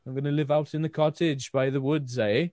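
A man voicing a friendly male furbolg brewer with a rough put-on Welsh accent, folksy and calling people boyo. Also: fairly high pitch, steady tone, a little fast, a little mellow, no room sound, pitched above the performer's own voice, lightly acted. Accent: Welsh, badly done.

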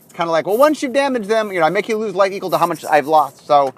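Brief: man, podcast host, high lively voice, chatty car monologue, heard from a distance. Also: fast. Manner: animated, rambling with many fillers. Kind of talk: casual monologue while driving.

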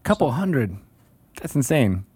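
A man's voice: mid-range voice, big pitch swings, unhurried, a little mellow, a little hiss or hum. A male podcast host in casual chat, bantering playfully with his co-host and guest.

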